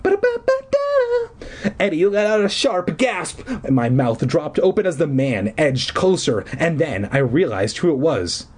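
A man's voice: a little high, expressive, normal speed, few pauses, a little mellow, husky. A man reading a storybook aloud in a playful way and joking between passages. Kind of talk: joking read-aloud narration.

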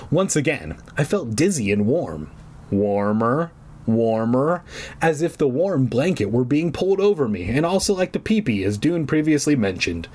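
A man's voice: mid-range voice, husky. A man reading a children's horror book aloud, dropping jokey asides between passages.

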